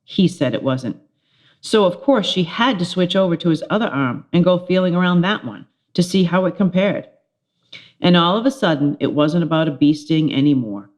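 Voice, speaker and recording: A middle-aged woman, a teacher, reading a children's chapter book aloud, telling it with lively expression. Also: lowish voice, normal speed. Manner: expressive storytelling with character voices.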